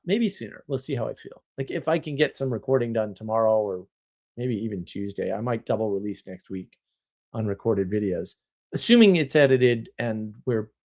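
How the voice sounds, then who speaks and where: A man hosting a live stream, talking casually and answering chat in an animated, opinionated, rambling way with frequent restarts, from a home setup on a desk mic. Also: medium pitch.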